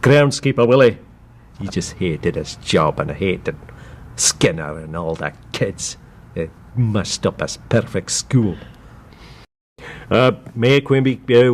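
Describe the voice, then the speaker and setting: Relaxed male voice actor storytelling. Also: medium pitch, measured pace. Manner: relaxed storytelling, filler-heavy. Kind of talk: casual interview.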